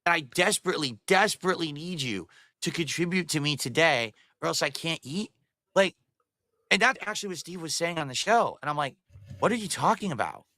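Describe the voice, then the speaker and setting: A man's voice: on the high side, lively intonation, fairly quick, bright, forceful tone, dry recording, studio quality. A man talking casually as an interview guest in a defensive, dismissive way.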